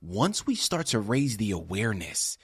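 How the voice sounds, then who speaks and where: Low, husky male radio host. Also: normal speed, no echo, studio quality. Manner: energetic, emphatic, addresses listeners directly. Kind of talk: interview host wrap-up.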